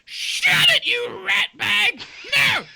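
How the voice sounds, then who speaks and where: The game master voicing a coarse, bossy mother doe who shouts and squawks. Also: very high-pitched, big pitch swings, measured pace, pitched above the performer's own voice, full character voice. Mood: brash, shouting.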